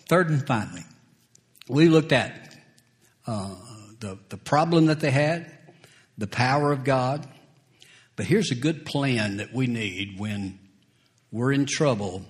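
A man preaching a sermon, slow and deliberate, who chuckles between points and acts out scripture quotes. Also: medium pitch.

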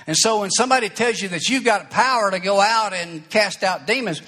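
A man's voice: sits high, brisk, bright, forceful tone. A man preaching a sermon as pastor, telling a personal story in a folksy, conversational way with small asides. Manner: folksy, conversational, breaks into acted quotes and asides.

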